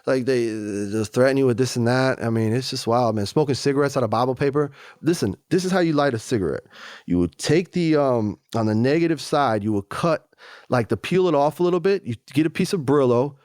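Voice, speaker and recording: A man's voice: mid-range voice, fairly quick, no echo. Candid man with a dry close sound. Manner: animated, acts out other voices, frequent "you know" and "man". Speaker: guest. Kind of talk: candid conversational storytelling.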